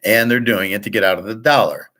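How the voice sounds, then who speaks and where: A man's voice: lowish voice, quick pace, bright, forceful tone. A man delivering a blunt, profane monologue about markets, restarting and trailing off often. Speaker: sports betting and markets commentator. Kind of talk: ranting monologue.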